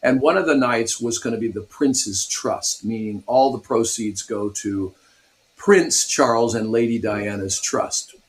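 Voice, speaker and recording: A man in his sixties from Pasadena, California, appears as a guest guitarist in a radio interview, animatedly telling stories and laughing often. His voice is medium-pitched and a little slow.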